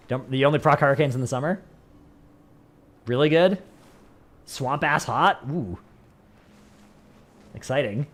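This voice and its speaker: A man with a Northern Californian accent, a livestreamer chatting casually with his viewers, rambling and dropping "like" into many sentences. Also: fairly high pitch. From San Francisco Bay Area. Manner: rambling, says "like" a lot.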